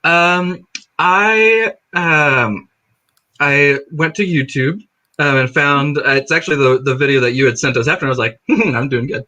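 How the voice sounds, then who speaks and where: A man's voice: a little high, normal speed, pushed and bright, low-quality recording. Hesitant man, heavy on fillers. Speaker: actor guest. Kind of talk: casual chat.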